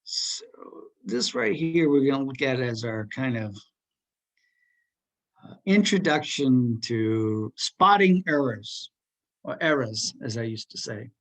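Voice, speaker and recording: A man's voice: medium pitch, expressive, slow pace, vocal fry, long pauses, a bit bright. Rambling, joking male teacher. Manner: rambling, joking, full of fillers. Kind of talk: casual classroom talk.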